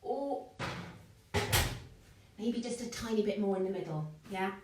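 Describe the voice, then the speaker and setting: A woman's voice: medium pitch, expressive, unhurried, distant mic, over loud music. A middle-aged woman teaching a live baking class, chatty and encouraging as she talks viewers through each step. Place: home kitchen. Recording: echoey kitchen, away from the mic.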